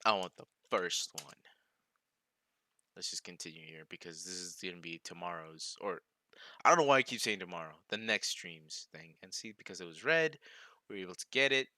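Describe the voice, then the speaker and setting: A man's voice: low-pitched, brisk, sharp tone, dry recording, studio quality. A young man hosting a casual live coding stream, talking to himself as he works, scattered and self-mocking, laughing at his own mistakes.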